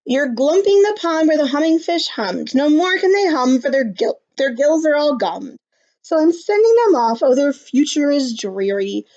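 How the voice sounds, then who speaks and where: A woman's voice: high voice, very animated, normal speed, a little mellow. A woman voicing a grumpy little male forest creature, scolding in a raised, cross voice. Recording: slightly muffled recording.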